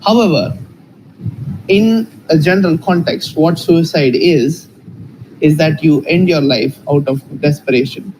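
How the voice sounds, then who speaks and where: A man arguing his side in a live debate, measured and often hesitating. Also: fairly high pitch, darkish tone, slight background noise, low-quality recording. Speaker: Christian debater.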